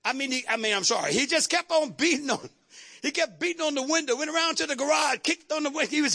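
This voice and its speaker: A man's voice: very high-pitched, expressive, fast, creaky, bright, forceful tone. A man preaching a dramatic, humorous sermon with call-and-response. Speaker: pastor.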